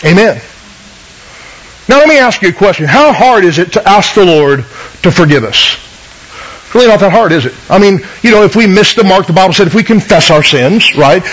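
A man's voice: high-pitched, lively intonation, moderate pace, fairly bright tone, poor audio. A man preaching a sermon with earnest teaching, reading scripture aloud and asking his listeners questions.

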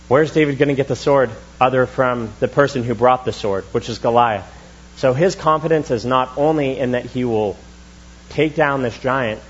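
A young man preaching a sermon in a church, in a relaxed, chatty style with quick asides. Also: medium pitch, husky, dull audio. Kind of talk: casual conversational sermon. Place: church sanctuary.

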